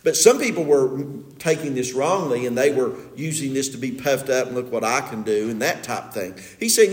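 A man preaching a sermon as pastor, lively and emphatic, often asking his congregation questions. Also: medium pitch, normal speed, hardly any pauses, echoey room.

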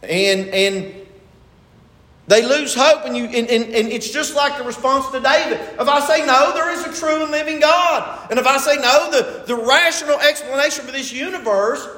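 A high-voiced man preaches emphatically, pressing his listeners with rhetorical questions. His voice rings through a reverberant hall. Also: normal speed, pushed and bright. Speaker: pastor. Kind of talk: sermon. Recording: echoey hall.

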